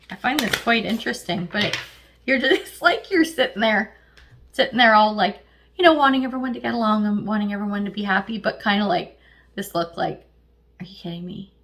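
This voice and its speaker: Lively chatty woman reading tarot. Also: medium pitch. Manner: lively, chatty and laughing, slangy. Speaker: tarot reader. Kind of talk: casual tarot reading to viewers.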